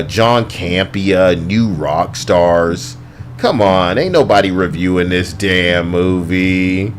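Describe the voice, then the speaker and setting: A man's voice: on the low side, slight background noise. A man giving a heated, profane, sarcastic movie review as a ranting vlogger.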